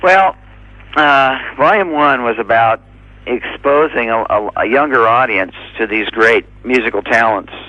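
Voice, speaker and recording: A man being interviewed as a drummer, speaking in an easygoing, halting way with lots of fillers. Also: medium pitch, sharp tone, dry recording, highs cut off. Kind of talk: casual interview answers.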